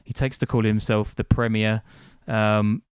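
Man, podcast host, lowish voice, smooth and resonant, casual wry storytelling, dry close sound. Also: flat delivery, moderate pace, no room sound. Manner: wry, dry asides with frequent ums.

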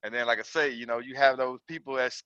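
An earnest man on a group call, speaking with a bright, forceful tone but hesitating and restarting as he talks. The line sounds dull and lo-fi, and the voice is close and dry. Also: medium pitch, fairly even intonation, smooth, no room sound. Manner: halting, many fillers and restarts, earnest. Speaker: caller on the call. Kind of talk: casual share on a call. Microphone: video call.

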